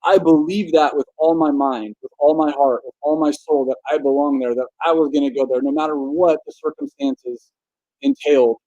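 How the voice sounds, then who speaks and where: Young American guy, motivational storyteller, relaxed and earnest, slightly dull recording. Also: on the high side, moderate pace, dry recording. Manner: casual, earnest, frequent restarts and "like". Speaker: motivational speaker. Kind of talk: personal storytelling monologue.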